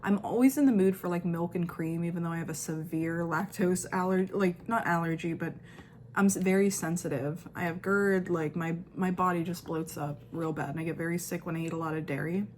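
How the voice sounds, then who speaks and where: A woman's voice: lowish voice, steady tone, a little fast, a little mellow, a little hiss or hum. A woman in her thirties, a mother and vlogger, chatting casually at home in a rambling, filler-heavy way. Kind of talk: casual vlog chat.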